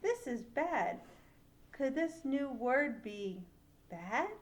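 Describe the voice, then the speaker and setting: A woman voicing a small, excitable young male bird in a storybook reading, with squawking cries. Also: sits high, drawn-out words, full character voice. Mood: worried.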